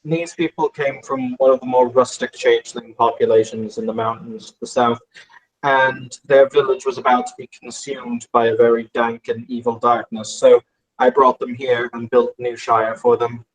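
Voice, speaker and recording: A man's voice: mid-range voice, level tone, moderate pace, recorded from a distance, lightly acted, low-quality recording. A man playing a gracious, proud baron who speaks in formal courtly phrases.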